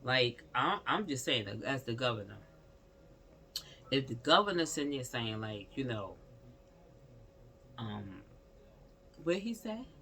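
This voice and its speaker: Male vlogger, casual rant-style commentary, gravelly with some fry, keeps repeating himself. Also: mid-range voice, sing-song, takes it slowly, pauses often, sharp tone, a little hiss or hum. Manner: rambling, repetitive, exclamatory, talks straight to the subject.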